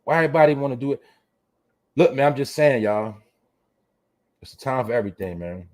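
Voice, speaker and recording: A man's voice: medium pitch, animated, brisk, darkish tone. A man hosting a livestream show, ranting bluntly and profanely at his viewers and reading the chat. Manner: profane, blunt, preachy, talks straight to viewers. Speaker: show host. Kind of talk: livestream commentary rant.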